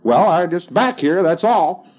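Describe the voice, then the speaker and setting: A man's voice: sits high, lively intonation, a little slow, highs cut off, voice pushed up. A man doing a groggy dazed fellow. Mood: dazed, curious. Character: dazed man just out of body, groggy and curious.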